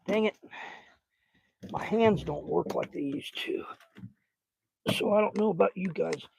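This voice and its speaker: A man's voice: high voice, unhurried, gravelly, darkish tone, slight background noise. An older man with a Southern US accent, rambling in a folksy, casual way while fishing outdoors at a lake. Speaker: fishing vlogger.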